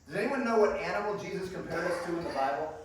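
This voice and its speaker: In a church sanctuary, a guest preacher delivers his sermon with a high-pitched, lively, fast voice, chatting enthusiastically, laughing a lot, and addressing the congregation as friends. The echoey room is captured from a distance, with heavy background noise.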